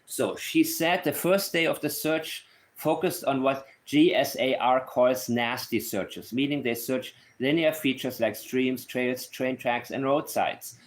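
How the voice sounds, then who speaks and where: A man's voice: medium pitch, measured pace. A man giving casual commentary on a case. He is blunt and opinionated and thinks aloud as he goes. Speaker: true crime commentator.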